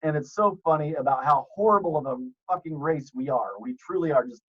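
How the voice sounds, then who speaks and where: A man guesting on a podcast, telling profane stories in a deep, announcer-style voice. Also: a little fast, muffled recording. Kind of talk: casual podcast chat.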